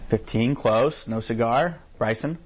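A man teaching an informal Bible study. He reads scripture aloud slowly and deliberately, then talks loosely with his class in a church classroom. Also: medium pitch, slight background noise. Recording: dull lo-fi recording.

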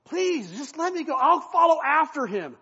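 A man voicing a brash, eager young male runner who pleads and whines loudly, recorded in an echoey hall with dull lo-fi sound. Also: very high-pitched, big pitch swings, normal speed, pitched above the performer's own voice, full character voice. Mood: pleading. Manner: loud, pleading, indignant.

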